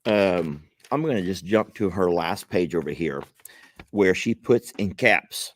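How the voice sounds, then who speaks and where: A chatty man talks straight to his viewers in a relaxed, homespun way. His pitch swings up and down freely as he goes, with a bouncy, expressive lilt. It sounds like casual vlog chat between friends. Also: a little slow, no room sound. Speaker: vlog host. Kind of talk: casual vlog chat while opening gifts.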